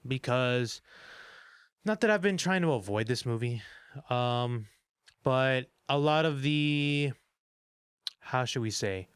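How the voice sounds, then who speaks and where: A man co-hosting a film review podcast, talking in a loose, rambling way, full of fillers and the odd curse. His voice is smooth and clean, recorded dry and close with no room sound. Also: medium pitch, no echo. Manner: rambling, animated, frequent fillers and swearing. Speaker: podcast co-host reviewing films. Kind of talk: casual movie review chat.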